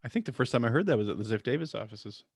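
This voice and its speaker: A man co-hosting a podcast, trading quick, joking banter in a casual chat. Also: medium pitch, lively intonation, gravelly, dry recording, clean studio sound. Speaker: podcast co-host.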